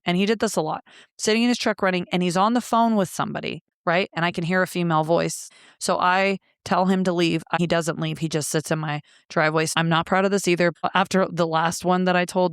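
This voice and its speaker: A woman recounts a raw personal story in a blunt, profane, emotional way. Her voice comes through smooth and clear. She is recorded close up in a dry, deadened room. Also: lowish voice, dry recording. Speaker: guest.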